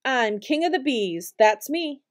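A woman's voice: sits high, animated, measured pace. A woman voicing a cocky, boastful young male bee who brags in sing-song rhymes, in a storybook reading.

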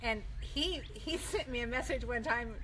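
Lively woman telling stories over noisy audio. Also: fairly high pitch, moderate pace. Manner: animated storyteller who laughs often. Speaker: author, guest on a live video chat. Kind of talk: casual chat, storytelling. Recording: noisy live-stream audio.

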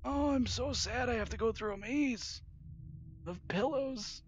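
A man's voice: very high-pitched, measured pace, dull audio, slight background noise. A man hosting a horror game let's play, yelping at scares and grumbling about the controls. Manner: jumpy, yelps and screams at scares, self-mocking complaints. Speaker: gaming channel host.

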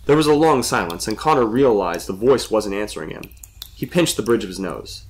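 A man reading a suspenseful story as a storyteller with steady narration. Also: fairly low pitch, a little fast.

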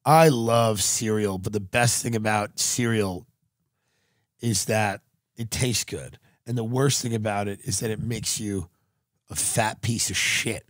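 A man hosting a podcast, doing a profane, deadpan comedic ad read that swings into shouted rants. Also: lowish voice, measured pace, no room sound, clean studio sound. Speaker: podcast host reading ads.

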